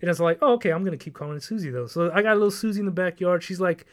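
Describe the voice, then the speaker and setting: A man's voice: sits high, rapid-fire. A young man hosting a podcast, telling a long rambling, profane story in casual chat. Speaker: podcast host.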